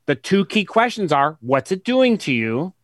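A guest author explains his ideas in an interview, earnest and emphatic, slowing to stress key words and retelling conversations as examples. His voice is high with big pitch swings, recorded in studio quality with no echo.

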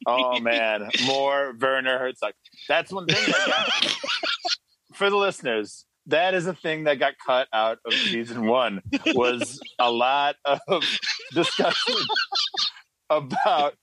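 A man's voice: medium pitch, slow, low-quality recording. A man co-hosting a podcast, chatting playfully, laughing and speaking to the listeners. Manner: lively, laughing, addresses listeners. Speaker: podcast co-host. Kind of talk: casual banter.

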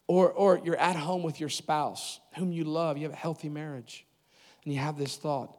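A man preaching a sermon at a church service, animated, with loud emphatic peaks and quick asides. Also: on the high side. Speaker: pastor. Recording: long reverb of a large hall.

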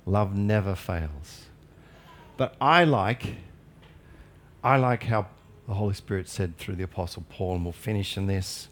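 A man's voice: low voice, measured pace, long pauses, a little hiss or hum. A male pastor preaching a sermon in an earnest, emphatic way with light humorous asides.

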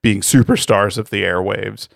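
A man's voice: lowish voice, fairly even intonation, normal speed, gravelly, dry recording, studio quality. A man co-hosting a podcast in casual chat, laid-back and wry. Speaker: podcast co-host.

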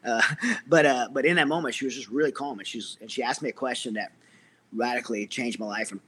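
Fast-talking earnest middle-aged man. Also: mid-range voice, a bit bright, breathy edge. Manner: earnest, fast, with many restarts. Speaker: guest, military veteran. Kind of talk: personal story in an interview.

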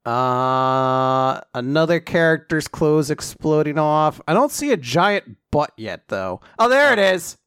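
Animated man casually recapping a comic. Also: on the high side, slow pace, few pauses, smooth, no room sound, studio quality. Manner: animated, laughs often, swears, acts out character lines. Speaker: podcast co-host.

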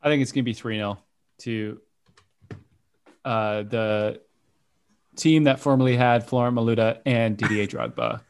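A man's voice: mid-range voice, animated, a little slow, gravelly, pauses often, smooth. A man hosting a casual football podcast, reading out fixtures and asking his co-hosts for their picks in a joking way. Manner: jokey, reads out fixtures and asks for picks. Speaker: podcast host. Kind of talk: casual sports chat.

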